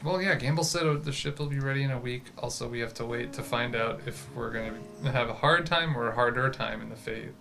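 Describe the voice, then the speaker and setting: A player in a tabletop game speaks casually and offhandedly, with frequent laughs. The voice sits mid-range in pitch. Music plays clearly in the background. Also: brisk, hardly any pauses. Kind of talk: playing a character in a tabletop game.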